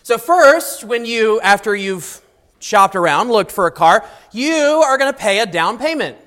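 A man teaching a classroom of high schoolers, talking casually, adding wry asides and often checking in with "okay?". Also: animated, unhurried, pushed and bright. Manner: mildly sarcastic asides. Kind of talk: classroom lesson. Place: classroom with students.

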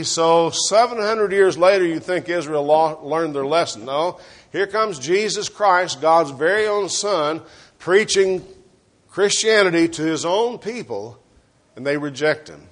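A man preaching an earnest sermon, often clearing his throat and letting his voice sink soft and low at the ends of phrases.

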